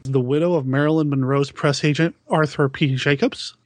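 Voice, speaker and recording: A man's voice: a little high, steady tone, moderate pace, no echo. A man co-hosting a podcast, chatting casually about films with a self-deprecating, laughing manner. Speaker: podcast co-host. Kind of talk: casual film discussion.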